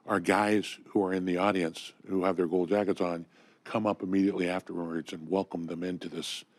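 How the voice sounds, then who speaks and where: An older man from Southern California, a guest in a studio conversation, tells stories with enthusiasm, full of fillers and restarts. His voice is low, and there's no echo.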